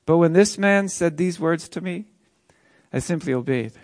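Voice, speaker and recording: An earnest, joyful man who was once paralyzed recounts his healing, as a man acts it out in a dramatic monologue. He tells the story in a fairly high voice and chuckles as he goes. The sound is dry and close, with no room echo. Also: moderate pace, lightly acted. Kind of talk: first-person dramatic monologue.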